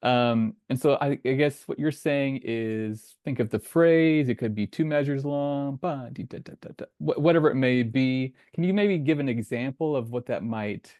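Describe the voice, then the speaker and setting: A man's voice: mid-range voice, normal speed, few pauses, a little mellow, clean tone, dry recording, muffled recording. A man hosting an interview, asking questions and thinking aloud with hesitant rephrasing over a video call. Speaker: podcast host.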